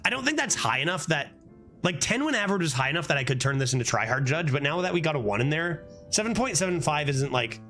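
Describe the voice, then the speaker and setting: A fairly high-voiced man commenting on his own card game while streaming, his pitch swinging widely as he reacts. He talks casually, swears freely and bursts into laughter. Soft music plays faintly behind him. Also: fast talker. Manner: animated, swears often, frequent laughing outbursts.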